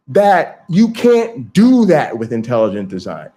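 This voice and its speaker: A man hosting a casual livestream, talking straight to viewers in an animated, profane way. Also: medium pitch, slow, few pauses. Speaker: streamer and channel host.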